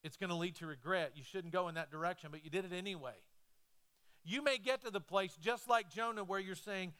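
A male pastor preaching a sermon, swinging between loud, animated stretches and hushed, slow ones. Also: a little high.

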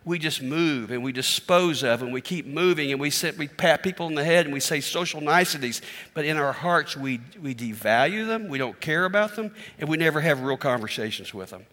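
A man's voice: a little high, lively intonation, normal speed, fairly bright tone, in a large hall. A middle-aged male pastor preaching a sermon in a candid, self-deprecating, conversational way.

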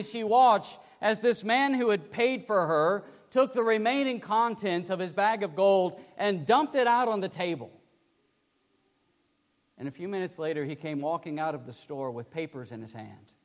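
A man preaching a sermon as dramatic storytelling, swinging from loud to hushed, with a long hall reverb. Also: high voice.

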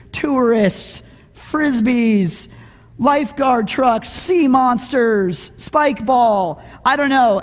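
A middle-aged man preaching a sermon, telling a funny story in a conversational way and often asking "right?". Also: sits high. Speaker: pastor. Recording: echoey hall.

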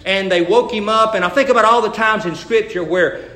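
A man preaching a folksy sermon, stammering into restarts and loudly acting out the people in the story. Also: high voice, a little fast, echoey room. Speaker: pastor.

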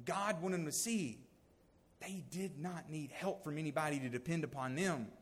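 A man giving a sermon, swinging from loud emphasis to hushed, near-whispered lines. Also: fairly high pitch, moderate pace, long reverb tail. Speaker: lay preacher.

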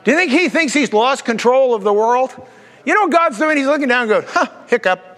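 A high-pitched male pastor preaches with energy, tossing out jokes and rhetorical questions. His voice rings through a large hall with a long reverb tail. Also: lively intonation, fairly quick, fairly bright tone. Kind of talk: sermon.

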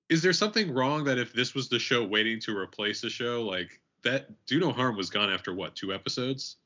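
A man's voice: mid-range voice, expressive, moderate pace, bright, forceful tone, muffled recording. A man co-hosting a podcast, chatting casually with sarcastic jokes. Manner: sarcastic, joking. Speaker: podcast co-host. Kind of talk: casual chat.

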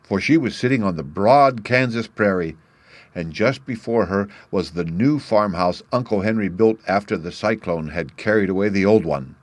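A man reading a storybook aloud as an audiobook narrator, calm and even. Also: on the low side, moderate pace, dry recording.

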